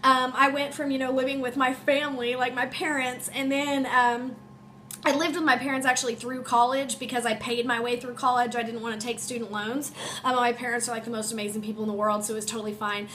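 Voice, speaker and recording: A young woman, a teacher, talking in an emotional, halting way full of ums and likes, her voice congested as she recovers from illness. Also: fairly high pitch, flat delivery, bright, forceful tone. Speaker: teacher and vlogger. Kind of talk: emotional personal vlog to camera. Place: home room. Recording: faint room noise, space heater hum.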